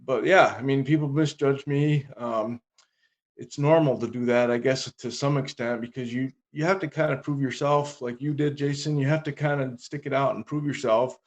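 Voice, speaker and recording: Man speaking in a steady, reflective way. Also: mid-range voice, normal speed. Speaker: podcast co-host. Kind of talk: casual conversation.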